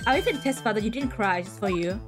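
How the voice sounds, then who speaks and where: A woman lowering her voice for a formal male prosecutor. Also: expressive, fast talker, music in the background, natural voice. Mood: gentle. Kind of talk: reading a game's dialogue aloud.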